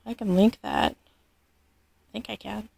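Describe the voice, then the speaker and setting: A woman vlogging an unboxing, gushing and halting, often losing her words. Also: medium pitch, fairly even intonation, creaky, a little mellow, breathy edge, no echo. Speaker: vlogger unboxing a reborn doll. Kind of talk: casual unboxing vlog.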